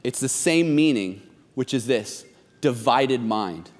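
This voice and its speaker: A man's voice: mid-range voice, animated, slow pace. A pastor in his thirties preaching a sermon, talking conversationally and then pressing his point with emphasis. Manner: conversational and emphatic, rising to exhortation. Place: church hall. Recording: long reverb of a large hall.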